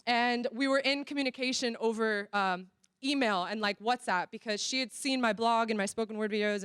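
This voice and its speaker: Animated American woman with a high voice. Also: clean tone, dry recording, clean studio sound. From Florida, USA. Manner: animated storytelling, acting out dialogue. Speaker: church workshop speaker. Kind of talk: casual sermon-style talk.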